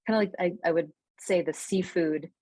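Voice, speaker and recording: A woman game master sets the scene at a tabletop game, relaxed and descriptive, her voice a little low. The sound is dry and close. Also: moderate pace, breathy edge, dry recording, poor audio.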